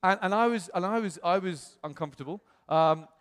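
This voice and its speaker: A man from the United Kingdom preaching in a church, telling his story in a chatty, animated way with self-quotes. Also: high voice, fairly quick. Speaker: pastor. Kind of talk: storytelling sermon. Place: church hall. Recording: long church-hall reverb.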